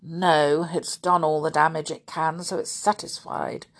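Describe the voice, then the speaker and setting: A woman voicing an absent-minded, clever uncle in a storybook reading, blustering and then comforting, with a husky voice. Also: lowish voice, lively intonation, normal speed. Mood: grim.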